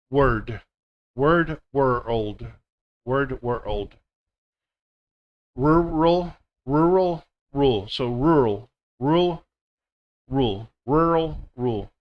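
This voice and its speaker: A man teaching pronunciation in a live online class, drilling words one by one and repeating them slowly and deliberately. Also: mid-range voice, fairly bright tone. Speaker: English teacher.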